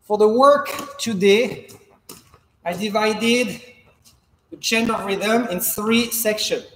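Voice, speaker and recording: A man fencing coach leading a follow-along footwork class, giving calm, measured instructions and counting out drills as he moves. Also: high-pitched, slight background noise. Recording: echoey hall reverb.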